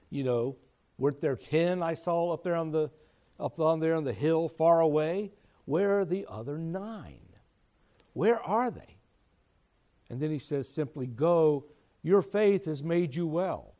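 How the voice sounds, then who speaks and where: A man's voice: on the high side, dark tone. A man preaching a gospel homily as a priest, in an earnest, explaining way that rises for emphasis.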